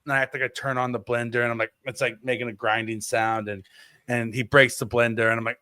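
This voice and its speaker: A man's voice: mid-range voice, fast, no echo. A man in his thirties co-hosting a podcast, telling a story in casual chat and acting out the quotes on a close mic. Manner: animated storyteller, acts out quotes. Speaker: podcast co-host.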